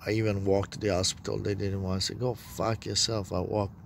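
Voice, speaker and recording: A man's voice: low voice, monotone, quick pace, vocal fry, darkish tone, a little hiss or hum. A man telling a rambling personal story, profane and meandering, with broken grammar. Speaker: self-described prophet.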